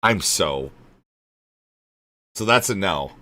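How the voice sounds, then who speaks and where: A man streaming live and chatting casually, swearing a lot and swinging from low mumbles to exasperated shouting. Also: lively intonation, takes it slowly. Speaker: livestreamer.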